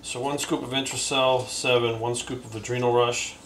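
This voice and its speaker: Young male vlogger, casual and cussing, average pitch, faint background hiss. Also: normal speed. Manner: profane and excitable, talks baby talk to his dog. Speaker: bodybuilding coach and vlogger. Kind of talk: casual vlog chat.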